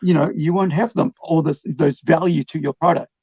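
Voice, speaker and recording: A man's voice: on the high side, fairly even intonation, moderate pace, dark tone, slightly rough, no echo, highs cut off. A man hosting a podcast in casual chat, rambling with many restarts and fillers. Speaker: podcast host.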